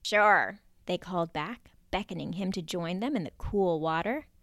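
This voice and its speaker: A woman narrating a children's story in a playful, expressive way, at times dropping to a whisper. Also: on the low side, normal speed, no echo.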